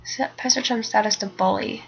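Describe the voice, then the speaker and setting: A woman's voice: mid-range voice, normal speed, creaky, slightly rough. A young woman reading a webcomic aloud in a casual way. She is sleepy, keeps yawning, and trips over words she is unsure of. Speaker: webcomic reader. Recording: dull lo-fi home mic.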